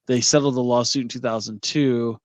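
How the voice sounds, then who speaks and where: A man co-hosting a podcast, retelling a news story in a relaxed, amused way. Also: mid-range voice, a little fast. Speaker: podcast co-host. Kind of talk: casual podcast chat, reading a news story.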